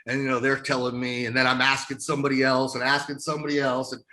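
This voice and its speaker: A man's voice: mid-range voice, fast talker. A middle-aged man telling wrestling stories in a casual interview, swearing often and laughing as he goes. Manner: profane, laughing, animated storyteller. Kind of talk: casual storytelling.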